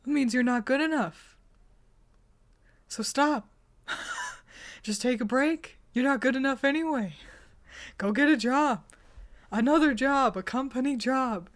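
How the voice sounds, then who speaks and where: A woman streaming live, talking slowly in a fairly high voice. She gives teasing, mock-insulting advice to her chat and keeps breaking into laughs. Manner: admits she is bad at whispering. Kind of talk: casual livestream chat.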